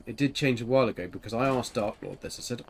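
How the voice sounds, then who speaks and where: A man's voice: medium pitch, fast, vocal fry, a little hiss or hum. A man streaming a game and chatting casually with a teammate, rambling with lots of fillers and giggles. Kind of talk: casual chat while gaming.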